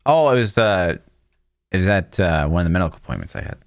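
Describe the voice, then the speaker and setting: Deep, lively man in his thirties. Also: fast, creaky, no echo, clean studio sound. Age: 30s. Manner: loose, storytelling, swears freely. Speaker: podcast co-host. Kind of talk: casual chat.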